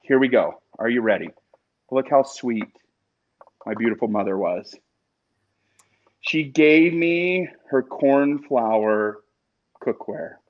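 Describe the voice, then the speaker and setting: A man's voice: medium pitch, takes it slowly, pauses often. A man hosting a live stream in casual chat, talking to his viewers in an emotional, chatty way. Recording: dull lo-fi stream audio.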